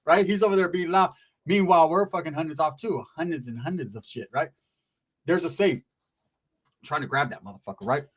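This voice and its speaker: A young man from California telling a profane comic story, animated and acting out voices. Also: on the high side, brisk, husky. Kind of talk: comedic storytelling.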